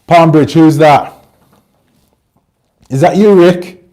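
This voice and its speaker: A man's voice: on the high side, slow, a little mellow. A man hosting his channel, chatting casually and rambling as he talks to viewers and reads out their comments. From Britain. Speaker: channel host.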